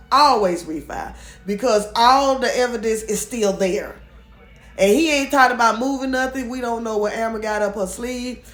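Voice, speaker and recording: Woman vlogger, mid pitch, gossipy recap, lots of restarts, echoey room. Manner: chatty and opinionated, many restarts, talks straight to viewers.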